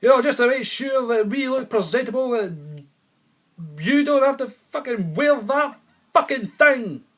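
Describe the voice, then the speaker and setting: A man putting on the voice of his indignant, tearful wife during a comedy routine, loud and shrill. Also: fairly even intonation, fairly quick, gravelly, hardly any pauses. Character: angry, tearful wife, middle-aged woman.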